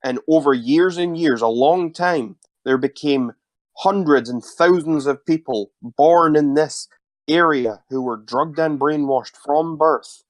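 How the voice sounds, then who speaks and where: A man giving rambling, deadpan, mock-serious interview answers. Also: mid-range voice, no room sound.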